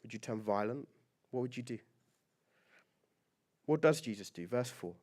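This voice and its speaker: A man's voice: medium pitch, animated, normal speed, a little mellow. A man preaching a sermon as pastor, conversational and joking, with lots of rhetorical questions.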